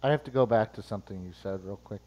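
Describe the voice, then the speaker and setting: A man's voice: fairly low pitch, quick pace, dark tone. A man co-hosting a comedy show, needling his colleagues with teasing questions. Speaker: co-host. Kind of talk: casual comedic banter.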